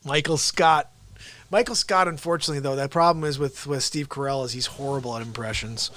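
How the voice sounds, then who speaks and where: A man hosting a casual livestream, talking in rambling quick asides. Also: mid-range voice, a bit bright. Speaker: host and impressionist.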